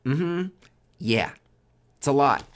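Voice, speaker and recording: A man's voice: medium pitch, animated, slow. A man hosting a monthly tarot forecast in a casual spoken monologue, swearing constantly and driving his points home with emphatic repetition.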